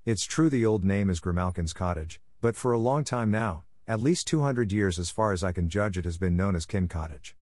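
A man voicing a calm middle-aged male builder who explains things in a matter-of-fact way. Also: deep voice, normal speed, few pauses, dry recording, clean studio sound.

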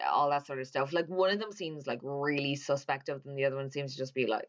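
A woman's voice: sits low, expressive, fairly quick, highs cut off. A woman casually recapping a horror film plot, chatty and swearing freely as she acts out the characters' lines. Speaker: movie recapper.

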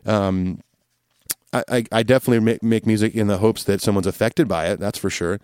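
A man's voice: fairly low pitch, steady tone, brisk, darkish tone, clean tone, dry recording, clean studio sound. A man hosting a podcast, chatting casually through listener questions in an easygoing, rambling way full of fillers and restarts. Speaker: podcast host.

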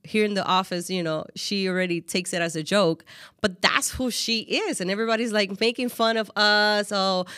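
A woman podcast host with a Cuban Spanish accent, talking in an expressive, heartfelt casual chat full of fillers. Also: mid-range voice, normal speed, dry recording, studio quality. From Cuba.

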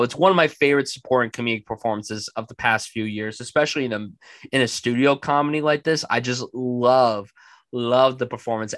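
A man chatting casually about a film he loves on a podcast, enthusiastic and animated. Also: medium pitch, no room sound. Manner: enthusiastic, animated, acts out quotes. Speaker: film reviewer.

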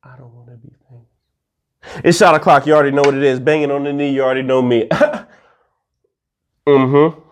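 A man's voice: mid-range voice, little pitch movement, a little hiss or hum. Playful man hosting a casual vlog. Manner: playful, rambling, slangy; spells words out slowly for emphasis. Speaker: vlog host. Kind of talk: casual drinking vlog chat.

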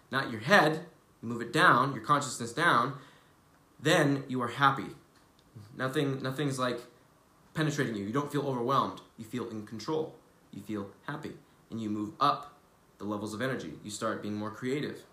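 A man's voice: medium pitch, bright, forceful tone. A man giving casual, preachy motivational talk on a vlog, loose and earnest, swearing freely. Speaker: spiritual wellness vlogger. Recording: roomy echo.

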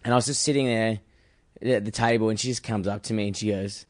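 A man's voice: on the low side, steady tone, fast, no echo. Aussie comedian guy, chill and sweary, chuckles a lot, dry close mic. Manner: laid-back, swears, chuckles through his stories. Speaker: podcast co-host, comedian. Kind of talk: casual storytelling chat.

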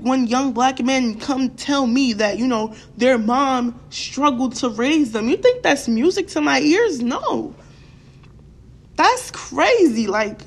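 Young woman, high voice, blunt, profane, repeats herself, talks straight to viewers. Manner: fired-up, addresses viewers directly. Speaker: vlogger. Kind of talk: casual opinion rant to camera.

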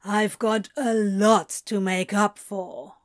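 A woman's voice: mid-range voice, flat delivery, takes it slowly, no echo, clean studio sound, natural voice. A woman voicing a male demon who talks earnestly, mumbles and whines in remorse. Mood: remorseful. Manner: earnest, mumbling, whiny confessions.

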